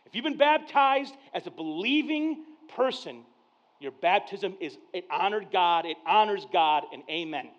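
A pastor preaching a sermon to his church, telling family stories in a casual, conversational way and acting out the dialogue, dropping to a hush and then getting loud. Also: high-pitched, animated, measured pace. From Mexican heritage. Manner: conversational storyteller, acts out dialogue, swings from hushed to loud. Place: church service. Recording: dull lo-fi sound.

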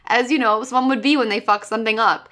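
A woman co-hosting a casual podcast, her voice sitting a little high. She recaps a movie in loose, chatty talk, swearing freely and leaning on "like" constantly. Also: steady tone, fast talker, bright, forceful tone. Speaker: podcast co-host.

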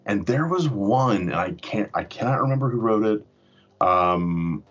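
Husky low-voiced man chatting casually. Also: lively intonation, measured pace. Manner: rambling, fillers and casual swearing. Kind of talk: casual chat. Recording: dull lo-fi recording.

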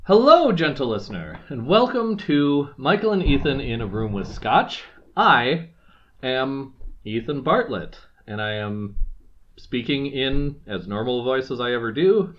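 A man's voice: medium pitch, expressive, measured pace, a bit bright. A man co-hosts a laid-back podcast, rambling through his thoughts with fillers and restarts. The recording sounds a little muffled. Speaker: podcast co-host. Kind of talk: casual chat.

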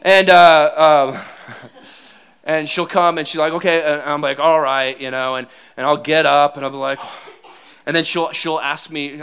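Animated, bright-voiced male pastor. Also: fairly high pitch, unhurried, clean tone. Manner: animated, self-mocking, laughs often. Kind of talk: sermon with humorous personal stories.

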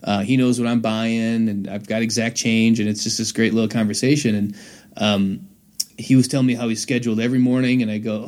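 A man's voice: lowish voice, level tone, a little fast, darkish tone. A man, a pastor, casually telling a story on a talk show and laughing often as he goes.

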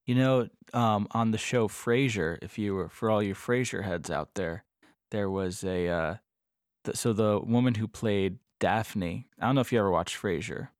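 A man co-hosting a podcast in casual chat, talking in halting bursts full of "like" and restarts. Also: on the low side, dry recording, studio quality. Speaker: podcast co-host.

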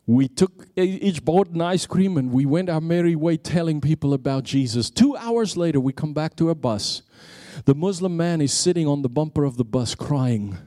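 A middle-aged man from South Africa preaching a sermon, telling a story and building to excited peaks before dropping into a hushed prayer. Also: a little high, no room sound, studio quality.

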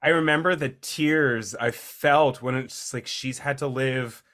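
A man's voice: medium pitch, measured pace, a bit bright. A man with a mid-range voice co-hosts a casual podcast. He talks enthusiastically and rambles, often restarting his sentences as his thoughts catch up. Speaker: podcast co-host. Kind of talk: casual chat.

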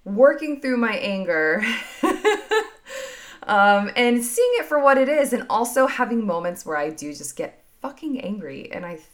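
A woman hosting a podcast, talking through her emotions in a soft, musing, reflective monologue full of casual fillers. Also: mid-range voice, big pitch swings, moderate pace, few pauses. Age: adult mother. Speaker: podcast host.

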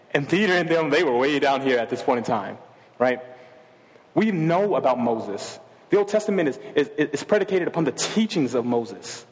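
A male pastor preaching a sermon in a casual, conversational way, with jokes and asides. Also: fairly high pitch. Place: church sanctuary with a stage. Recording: long reverb of a large church hall.

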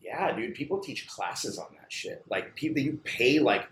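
A man's voice: mid-range voice, very animated, normal speed, fairly bright tone, a little hiss or hum. Profane, loose-talking man in a roomy space. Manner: loose, profane, lots of filler 'like'. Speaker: barbershop owner who trains an apprentice. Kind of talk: casual chat. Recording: roomy recording with faint ambience.

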